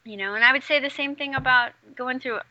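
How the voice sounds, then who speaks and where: A woman's voice: high voice, quick pace, pushed and bright, dry recording, highs cut off. A woman chatting casually as co-host, talking in a reflective way and laughing easily. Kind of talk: casual chat.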